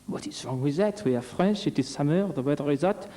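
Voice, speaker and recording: A man voicing a fussy French mother who answers her small son in a shrill, indulgent, matter-of-fact way. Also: animated, brisk, dark tone, lightly acted. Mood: shrugging.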